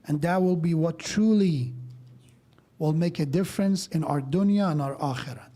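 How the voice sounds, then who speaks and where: Mellow-voiced man giving a mosque sermon. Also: fairly high pitch, moderate pace. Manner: explains verses step by step, tells stories with quoted dialogue. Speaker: speaker at a mosque.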